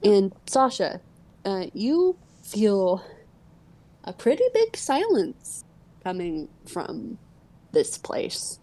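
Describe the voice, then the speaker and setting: Slow, mellow-voiced woman game master. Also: medium pitch, sing-song. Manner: slow, hesitant narration full of filler uhs. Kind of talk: narrating a tabletop game.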